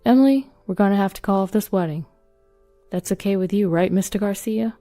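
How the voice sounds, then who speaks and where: A woman's voice: mid-range voice, a little fast, warm tone, faint music behind, natural voice. A woman voicing a young man who is a grateful, earnest younger brother. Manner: earnest, stern toward his bride.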